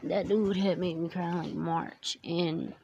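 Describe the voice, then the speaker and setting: A woman's voice: on the low side, steady tone, measured pace, creaky, darkish tone. A woman hosting her own podcast, talking candidly and emotionally in a rambling, casual way with many fillers. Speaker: podcast host. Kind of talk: casual personal talk. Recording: dull lo-fi sound, faint noise.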